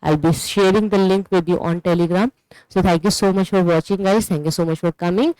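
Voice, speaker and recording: A teacher with an Indian English accent delivers an online history lecture for exam preparation. The voice is clear and smooth, with a dry, close sound and no room echo. The delivery explains step by step and keeps checking in with "okay" while pointing things out on a map. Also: mid-range voice, steady tone, brisk, a little mellow.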